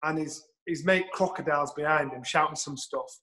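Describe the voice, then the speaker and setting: Man, middle-aged, raised pitch, animated storyteller, swears. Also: fairly quick, rough recording. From England. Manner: animated, swears, acts out quotes. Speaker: guest storyteller. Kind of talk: anecdotal storytelling.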